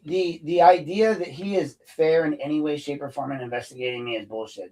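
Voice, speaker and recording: Male podcast host, angry profane rant, mid-pitched, a bit off-mic. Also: distant mic, poor audio. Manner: profane, combative, gets loud and heated. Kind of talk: unscripted ranting monologue.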